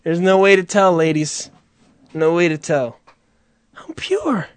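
A man with a slightly raised pitch riffs in a crude, sardonic way and swears freely. He laughs often as he talks. His voice sits close and dry, with no room sound. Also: fairly even intonation, normal speed, clear, resonant tone, no echo. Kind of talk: crude comedic live chat.

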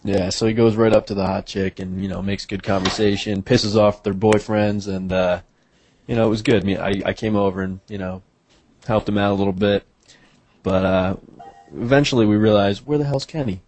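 A man in loose conversation with friends, telling a story at an easy, rambling pace. His voice sits low and has a husky, slightly rough edge. He fills pauses and drops crude jokes along the way. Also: fairly even intonation, a little mellow. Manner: laid-back, rambling, with fillers and crude jokes. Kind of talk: casual storytelling chat.

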